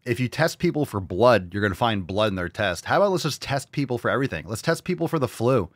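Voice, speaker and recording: A man's voice: medium pitch, sing-song, quick pace, no room sound. A man hosting a casual reaction show, talking bluntly and sarcastically with plenty of swearing. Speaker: show host.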